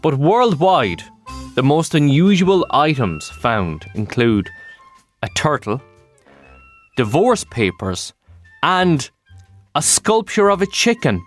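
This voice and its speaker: A man presenting a breakfast radio show in a chatty, animated way. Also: on the high side, slow, pauses often, faint music behind. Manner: chatty, animated, asides and fillers.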